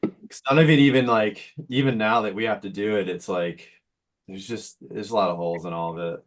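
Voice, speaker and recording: Laid-back low-voiced man. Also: steady tone, a little fast. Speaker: guest. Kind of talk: casual chat.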